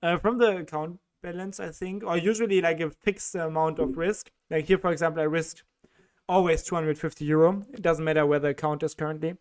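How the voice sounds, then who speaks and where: A man's voice: a little high, fairly even intonation, fairly quick, darkish tone, clear, resonant tone. A man with a strong German accent hosting a casual livestream, reading chat questions aloud and answering them with fillers and small laughs.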